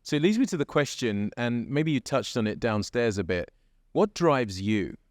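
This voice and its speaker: A man hosting a casual podcast interview, asking questions in a relaxed, conversational way. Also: medium pitch, moderate pace, dry recording, studio quality. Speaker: host, head of brokerage.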